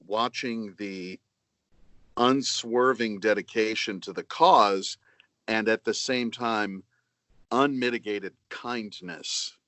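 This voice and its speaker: A middle-aged man being interviewed as a guest voice actor, speaking in a measured, earnest way with many fillers and restarts. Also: fairly low pitch, fairly bright tone, no echo. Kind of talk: casual interview.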